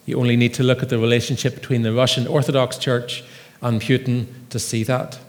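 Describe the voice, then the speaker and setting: A man preaching a sermon in an earnest, measured way, with emphatic readings from Scripture. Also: medium pitch, level tone. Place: church. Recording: long reverb of a church hall.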